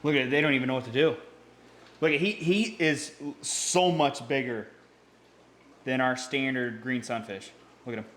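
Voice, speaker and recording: An excitable man giving hands-on vlog commentary beside a big fish tank, exclaiming and repeating himself as he talks to his viewers. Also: mid-range voice, normal speed, pauses often, echoey room, slight background noise. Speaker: fish-keeping vlogger. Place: indoors by a large fish tank. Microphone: camera mic, handheld.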